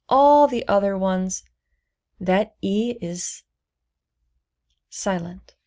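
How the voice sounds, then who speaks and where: A woman's voice: mid-range voice, a little mellow. A young adult woman teaching English pronunciation, saying each word twice and articulating every sound carefully. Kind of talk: slow, deliberate pronunciation lesson.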